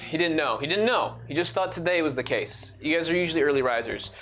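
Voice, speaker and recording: A man's voice: fairly high pitch, lively intonation, quick pace, a bit bright. Give me a man running a tabletop game, casual and rambling, with faint music underneath. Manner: casual, rambling, lots of fillers. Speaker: dungeon master.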